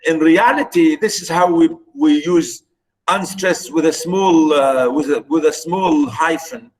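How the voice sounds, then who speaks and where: A male university lecturer teaching poetry meter online, halting and repeating himself as he counts out syllable stresses. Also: on the high side, rough recording.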